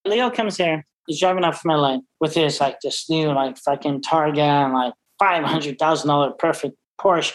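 A middle-aged man, a restaurant owner, talking brashly and profanely in a casual interview, full of excited stories. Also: on the high side, normal speed, hardly any pauses, low-quality recording. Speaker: restaurant owner and wine expert.

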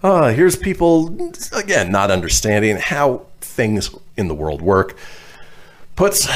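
A man's voice: on the low side, big pitch swings, a little slow. A man hosting a radio show, reading posts aloud and laughing often in casual banter.

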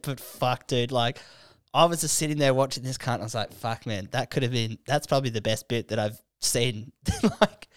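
A man's voice: mid-range voice, smooth, dry recording, studio quality. A young man hosting a podcast, telling stories animatedly with lots of swearing and laughter. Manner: animated storyteller, swears freely, quick laughs. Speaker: podcast host. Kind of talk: casual chat.

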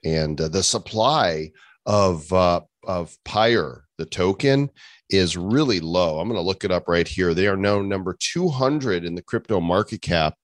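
Deep-voiced joking podcast host, dry sound. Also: male voice, lively intonation, a little slow, no room sound. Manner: joking, upbeat. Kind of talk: casual chat.

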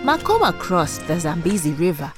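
A woman narrating a children's story as host, with expressive, animated delivery. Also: on the low side, normal speed, over music.

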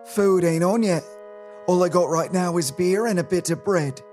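Man doing curt, gruff barkeep, higher and louder than his own voice. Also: normal speed, soft background music, close to an everyday voice. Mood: brusque. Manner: curt, gruff, clipped working-class speech. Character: brusque male tavern barkeep, no-nonsense.

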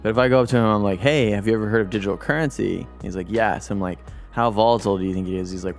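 A man chatting as a podcast guest. His voice is fairly low. He explains things in an animated way and acts out little back-and-forth exchanges. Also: rapid-fire, vocal fry, few pauses, soft background music. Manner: animated and playful when explaining.

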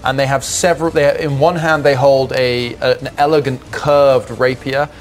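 A man narrating a tabletop game as game master, describing scenes with frequent pauses and ums. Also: medium pitch, little pitch movement. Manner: descriptive, hesitant with many ums.

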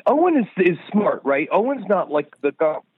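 A man's voice: sits high, sing-song, moderate pace, slightly rough, no echo. Profane, rambling comic man on a dull line. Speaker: podcast guest. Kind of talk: casual chat. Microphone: remote line.

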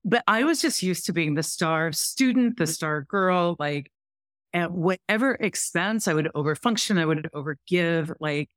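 A middle-aged woman, a podcast guest, telling a story in an animated way and acting out both sides of a conversation. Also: lowish voice, moderate pace, no echo, studio quality. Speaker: podcast guest, workplace author and speaker. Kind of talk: storytelling interview chat.

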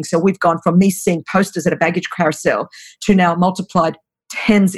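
Earnest, urgent woman in her fifties. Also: on the low side. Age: 50s. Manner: earnest, urgent, fast-flowing. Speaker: guest, anti-trafficking founder. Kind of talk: podcast interview storytelling.

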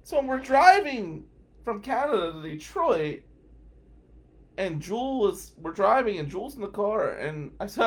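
A husky man spins a casual story, his pitch leaping around as he goes. He bursts out loud and then sinks into low, half-muttered asides. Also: slow, long pauses. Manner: animated, swings from loud outbursts to low mutters. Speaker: host telling a story.

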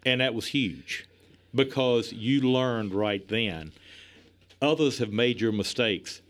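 A middle-aged man telling stories in a casual chat, animated and chuckling, acting out the lines he quotes. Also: mid-range voice, slow pace.

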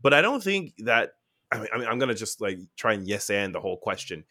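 A man co-hosting a podcast in casual chat, rambling and halting with many restarts. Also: lowish voice, big pitch swings, sharp tone, no echo, clean studio sound. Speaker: podcast co-host.

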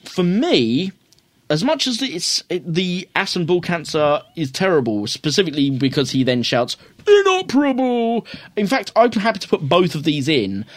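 A man's voice: on the high side, sing-song, moderate pace, no echo. A man co-hosting a casual film review podcast, rambling, swearing and laughing at his own jokes. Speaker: podcast co-host.

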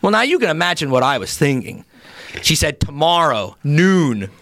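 A man's voice: fairly high pitch, normal speed, dry recording. A man playing a chatty Pennsylvania Dutch lodge secretary, spinning a rambling comic tale in a folksy Pennsylvania Dutch accent. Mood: folksy, amused. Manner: rambling, animated, acts out every speaker in the tale. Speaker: podcast contributor telling a story. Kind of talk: comedic character storytelling.

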